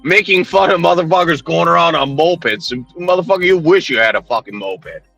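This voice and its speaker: A man's voice: fairly high pitch, expressive, a little fast, vocal fry, a bit bright, no room sound, highs cut off, soft background music. A man ranting heatedly on a livestream, swearing constantly, mocking and confronting people while he answers his chat.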